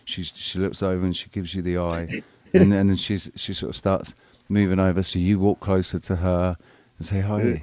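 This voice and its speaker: A man's voice: low-pitched, little pitch movement, moderate pace, hardly any pauses, a little mellow, smooth, no room sound. A man hosting a casual live panel chat, rambling, crude and joking. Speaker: live show host.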